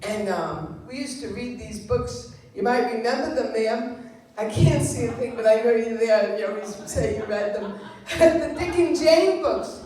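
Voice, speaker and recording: Heard from a distance in a roomy club, a stand-up comedian in her 70s from Long Island, New York, delivers a dry set that pokes fun at herself. Her voice is on the high side with a dark tone, and she speaks a little slowly.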